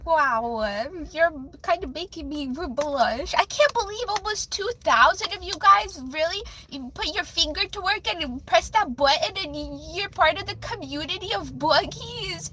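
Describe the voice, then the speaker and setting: A young woman with a high, light voice talks slowly and loosely to her live chat. She giggles a lot, trails into fillers and restarts her sentences. A faint hiss of noise sits under her voice. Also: lively intonation, bright, forceful tone, low-quality recording. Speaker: livestream host. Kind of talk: casual live stream chat.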